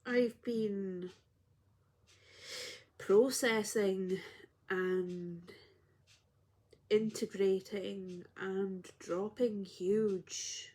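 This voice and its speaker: A woman's voice: mid-range voice, fairly even intonation, extremely slow, pauses often, darkish tone. A woman who works as a spiritual healer tells a personal story in a heartfelt, reflective way on her vlog.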